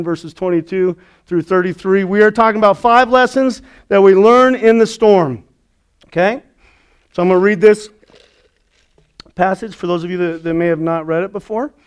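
A man preaching a lively, conversational sermon, often checking in with the congregation. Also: high-pitched, clean tone. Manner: energetic, conversational preaching with frequent "right?" asides. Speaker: pastor.

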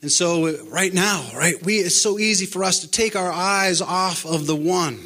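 A man with a bright, clear-edged voice preaches an encouraging sermon, reciting scripture with earnest conviction. His voice sits a little higher than most men's. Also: measured pace. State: pandemic-era address. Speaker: pastor.

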